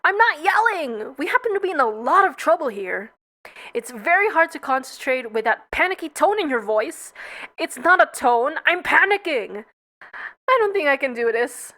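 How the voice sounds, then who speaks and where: A woman voicing a panicking young woman trying to fly a plane, in a shrill, frantic voice. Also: animated, moderate pace, sharp tone. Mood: panicked.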